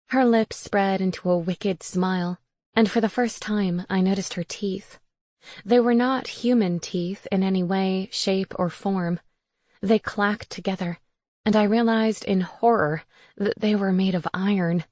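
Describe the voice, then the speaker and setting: A woman reading a first-person cozy mystery aloud in an even, wry tone. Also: mid-range voice, measured pace, no room sound, clean studio sound. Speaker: audiobook narrator. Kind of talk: first-person audiobook narration.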